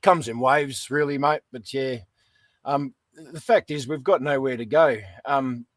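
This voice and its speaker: A middle-aged Australian man, a veteran guest in a casual interview, speaks at medium pitch and a measured pace with no room sound. He's blunt and folksy, calling everyone "mate" throughout.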